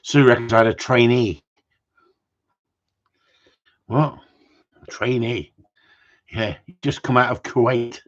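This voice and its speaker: A man's voice: mid-range voice, fairly even intonation, takes it slowly, pauses often, highs cut off. A man chatting casually to viewers in a rambling, cheeky way, swearing freely. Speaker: vlogger.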